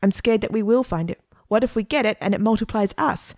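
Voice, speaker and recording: A woman voicing a timid young boy who frets anxiously about the dark. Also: medium pitch, a little fast, no room sound, clean studio sound, voice pushed up, natural voice. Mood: fearful. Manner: anxious and fretful.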